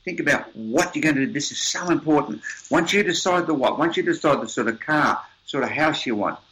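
An older man speaks in a forceful, bright voice as he tells stories in an interview. He hammers his points with emphasis and often repeats words as he builds toward a lesson. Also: fairly high pitch, a little fast, rough recording. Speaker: interview guest, seminar presenter. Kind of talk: storytelling conversation.

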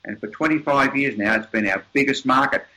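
A man's voice: mid-range voice, brisk, sharp tone, poor audio. Older man telling emphatic stories. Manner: emphatic, repeats words while building a point. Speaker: interview guest, seminar presenter. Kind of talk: storytelling conversation.

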